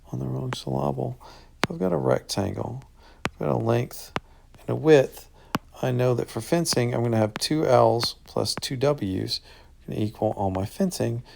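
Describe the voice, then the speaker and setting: Male math teacher with some gravel in his voice, relaxed and upbeat as he explains worked solutions. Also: mid-range voice. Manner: casual and upbeat, thinks out loud. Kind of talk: walking through an answer key.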